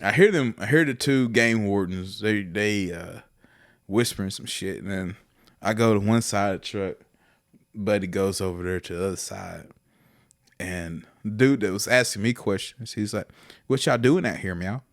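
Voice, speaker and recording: A man's voice: on the low side, normal speed. A young man, telling a profane, laughing story as a podcast co-host. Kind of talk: casual storytelling.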